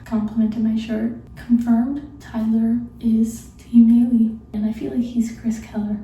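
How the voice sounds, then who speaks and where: A young woman telling a late-night story in a hushed, half-whispered voice, giggling and gushing as she talks. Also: fairly high pitch, level tone, unhurried. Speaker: vlogger. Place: room at night before bed. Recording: very echoey room, mic far off.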